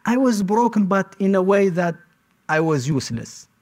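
High-voiced man giving halting testimony. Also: sing-song. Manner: halting, speaks in short broken phrases. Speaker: interviewee recounting detention. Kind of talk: personal testimony.

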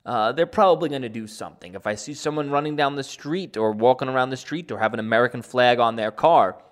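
A man's voice: mid-range voice, fast. A man giving opinion commentary in a sarcastic, rambling way, chuckling often. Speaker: political commentator.

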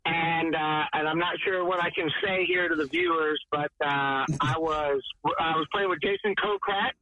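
A man telling an animated, laughing golf story as a guest. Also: fairly high pitch, moderate pace, no room sound, lo-fi sound. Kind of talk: casual storytelling.

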